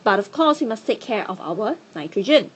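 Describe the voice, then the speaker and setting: Husky woman explaining chemistry patiently. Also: mid-range voice, very animated, normal speed. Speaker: chemistry teacher. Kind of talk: classroom lesson.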